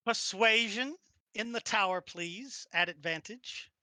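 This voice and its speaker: Bright, playful game master man. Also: high voice, a little slow, no echo. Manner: playful, laughing. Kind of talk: running a tabletop game.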